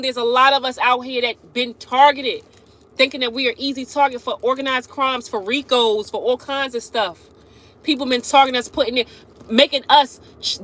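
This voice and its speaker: Her voice high and bright, a woman hangs out with viewers on a casual live stream, laughing frequently and speaking straight to them again and again.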